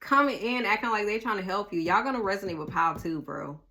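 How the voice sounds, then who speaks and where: Blunt, animated woman doing a tarot reading. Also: medium pitch, quick pace. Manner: animated, blunt, swears freely, talks straight to the viewer. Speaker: tarot reader. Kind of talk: casual tarot reading to viewers.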